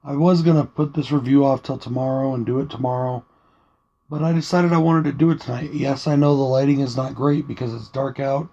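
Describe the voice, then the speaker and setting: A man talking quietly and casually through a movie review, late at night at home, in a soft, rambling way. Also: mid-range voice, fairly even intonation, brisk, lo-fi sound. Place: home at night, dim room.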